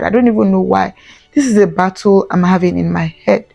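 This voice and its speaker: A young woman recounts a hard stretch of her life to her vlog audience. She speaks earnestly at a middle pitch and circles back on key phrases for emphasis. Faint music plays quietly beneath her voice. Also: fairly quick, creaky. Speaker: vlogger. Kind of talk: emotional personal storytelling.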